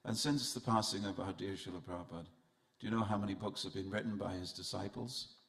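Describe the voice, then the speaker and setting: Speaking fast in a low voice with vocal fry and a slightly bright quality, a man preaches a festival sermon in a temple hall. He tells humorous tales and talks directly to the audience.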